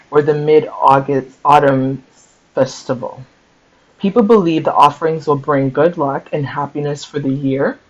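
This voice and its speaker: A man reading a story from a book aloud and stopping often to explain and think out loud, checking in with listeners. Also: a little high, muffled recording. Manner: conversational, checks in with "okay?" and "right?", thinks aloud. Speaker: book-sharing host. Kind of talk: reading aloud with casual commentary.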